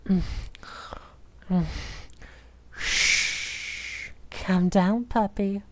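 A woman's voice: medium pitch, animated, noisy background. A woman playing a possessive, unstable mistress. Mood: possessive, crooning. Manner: soft, slow, murmuring, teasing delivery. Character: obsessive, possessive dominant woman captor, unstable. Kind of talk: audio role-play.

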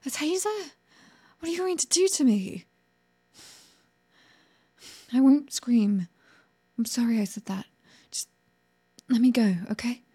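A woman voicing a sharp-tongued young woman in an adult audio role-play, sarcastic at first, later stammering and pleading. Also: a little high, husky, full character voice.

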